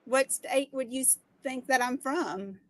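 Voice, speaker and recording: High-voiced Southern woman, slow. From Louisiana. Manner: soft-spoken, brief replies, laughs. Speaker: chat guest.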